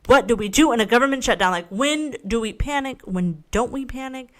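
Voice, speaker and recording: A woman's voice: a little high, fairly quick, a bit bright. Rambling, foul-mouthed woman podcaster. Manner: frank, rambling, swears freely, self-mocking. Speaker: podcast host. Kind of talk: casual solo podcast rant.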